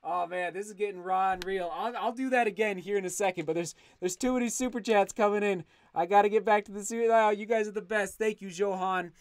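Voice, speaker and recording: Livestream host, male, effusive and excitable; smooth, resonant tone. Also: high voice, a little fast, few pauses, no echo. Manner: excitable, effusive thanks, frequent restarts. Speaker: channel host reading live chat. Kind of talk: casual livestream chat.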